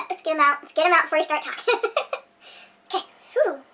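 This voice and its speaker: Brief: giggly woman vlogger, very high and bright voice, rambling self-mocking chatter, mic a little distant, faint music behind. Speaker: beauty vlogger. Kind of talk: rambling outtake chatter to camera. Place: room at home.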